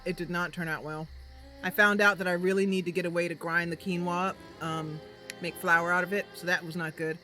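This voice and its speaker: A woman's voice: mid-range voice, fairly bright tone. A woman streamer chatting casually with viewers during a role-play game, giggly with many fillers. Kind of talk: casual live-stream chat. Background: game music.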